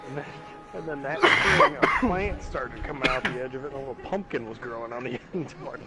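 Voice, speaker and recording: A laid-back man in casual chat while gaming who laughs easily at his own stories. His pitch sits in the middle range. Music plays clearly behind him. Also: sing-song, fairly quick.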